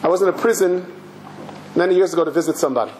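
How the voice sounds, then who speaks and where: A man's voice: sits high, rapid-fire, background noise. A man, a rabbi, giving a sermon with emotional storytelling and repeated phrases.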